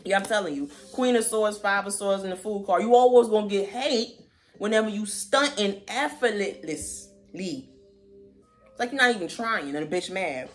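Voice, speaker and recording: A woman giving a casual tarot reading in a sassy, slangy manner with animated asides. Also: mid-range voice, moderate pace, faint music behind. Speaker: tarot reader.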